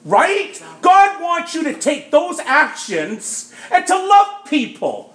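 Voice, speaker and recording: A man sharing his recovery story with a group in testimony style, emphatic, often asking "Right?" and getting louder at times. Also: very high-pitched, wildly swooping pitch, takes it slowly, echoey room.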